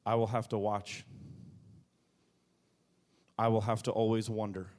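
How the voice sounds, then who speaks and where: A man preaching a sermon as pastor, moving between quiet low asides and loud, high bursts of emphasis. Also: flat delivery, measured pace. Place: church.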